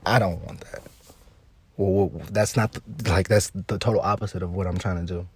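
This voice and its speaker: A man's voice: low voice, steady tone, normal speed, a little hiss or hum. Chatty man riffing with laughter. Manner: loose and chatty, laughs often, repeats himself, swears. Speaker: vlogger commenting on celebrity news. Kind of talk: casual rambling commentary.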